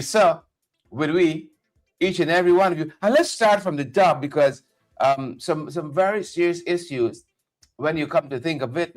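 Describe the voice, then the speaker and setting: A man hosts a casual morning live stream. His voice sits a little high, and he is chatty and playful, repeating words as he greets viewers one by one. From Caribbean. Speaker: morning show host.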